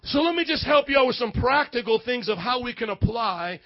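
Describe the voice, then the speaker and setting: A male pastor preaching a sermon, animated and leading call-and-response with his congregation. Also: very high voice, a little fast, muffled recording.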